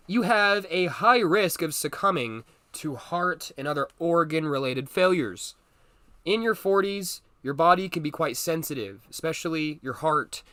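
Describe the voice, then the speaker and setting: A man's voice: fairly high pitch, bright, forceful tone, no room sound. A man hosting a solo commentary monologue, talking bluntly and emphatically and repeating words for stress. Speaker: commentary channel host.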